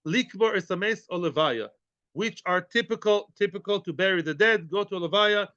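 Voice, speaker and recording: Bright-voiced man teaching Talmud. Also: high-pitched, normal speed, dry recording. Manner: explains in English mixed with Hebrew and Yiddish terms, asks the class questions. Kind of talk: daily Talmud class. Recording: dry, dull lo-fi audio.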